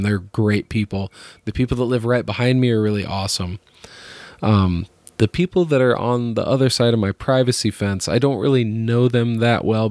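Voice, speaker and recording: Animated man telling stories, dry sound. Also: lowish voice, no room sound. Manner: animated, swearing, laughing storyteller. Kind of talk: casual storytelling chat.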